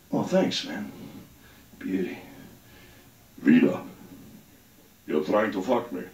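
A man's voice: deep voice, big pitch swings, takes it slowly, long pauses, a little mellow. A man doing a rambling, crude stand-up set on a comedy club stage. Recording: roomy club sound, mic at a distance.

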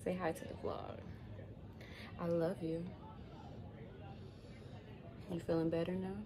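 A woman's voice: on the low side, sing-song, takes it slowly, long pauses. A woman vlogging casually to her viewers from a busy family holiday cookout, chatting as she films on her phone. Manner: chatty, keeps calling out to viewers. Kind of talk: casual vlog chat to viewers. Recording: crowd chatter behind.

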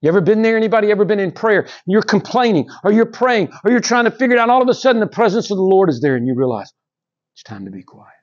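A middle-aged man preaching a sermon in a church, with animated rises and drops and calls to the congregation. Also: high-pitched, very fast, hardly any pauses. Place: church sanctuary. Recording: dull lo-fi sound.

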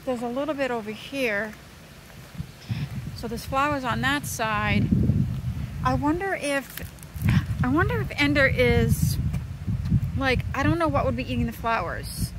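A homeschooling mom in her thirties vlogs casually outdoors on a windy day, her high-sitting voice unhurried and broken by long pauses. She chats in a scattered way, hopping from one topic to the next.

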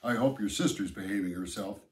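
A man's voice: lowish voice, a little fast, close to an everyday voice. A man reading a relieved, caring mother. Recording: roomy echo.

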